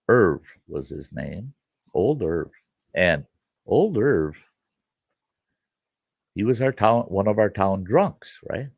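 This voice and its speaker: A middle-aged man spins a folksy, rambling story in a low, gravelly voice. His pitch swings widely as he talks. The recording is dry and close. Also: no room sound. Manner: folksy, rambling, with fillers like "you know". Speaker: host and storyteller. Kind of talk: casual spoken storytelling.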